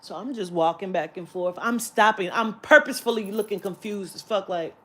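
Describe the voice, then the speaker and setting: A woman's voice: mid-range voice, brisk. Profane ranting woman vlogger. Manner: profane, animated, mimics clerks' voices. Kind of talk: casual storytelling rant.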